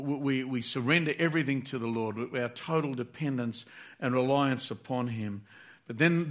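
A man's voice: mid-range voice, fairly bright tone. A man preaching a sermon, earnest and repetitive, acting out heartfelt prayers aloud.

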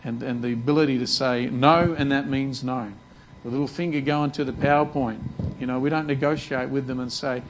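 A man's voice: medium pitch, fairly even intonation, a little fast, a little hiss or hum, low-quality recording. A man preaching a sermon earnestly, often repeating words as he restarts his sentences. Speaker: pastor.

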